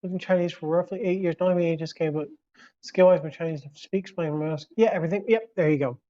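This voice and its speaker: A man's voice: a little high, fast, warm tone, dull audio. A man from the United States chatting casually on a live stream, rambling and reacting to viewer comments.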